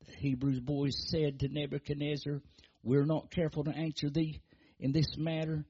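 A man preaches in a high, husky voice, driving his points home with rhythmic repetition. His emphasis climbs and then drops low. The sermon recording sounds muffled and lo-fi. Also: darkish tone.

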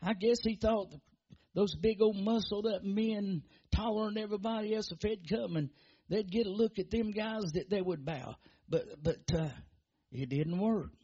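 A man preaches in a high, husky voice, driving his points home with rhythmic repetition. His emphasis climbs and then drops low. The sermon recording sounds muffled and lo-fi. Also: moderate pace, dark tone.

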